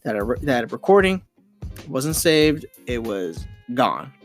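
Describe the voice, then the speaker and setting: A man's voice: mid-range voice, big pitch swings, takes it slowly, soft background music. A young man hosting a casual podcast, rambling with lots of fillers and restarts as he tells a frustrating story into his home microphone. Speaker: podcast host.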